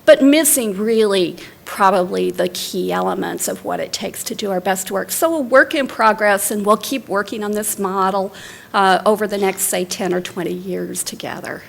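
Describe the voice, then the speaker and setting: A middle-aged library director speaks at a moderate pace in a mid-range voice with vocal fry and a slight hiss or hum. Lecturing in a lecture hall, she mixes academic material with personal stories, chatting along with fillers and restarts.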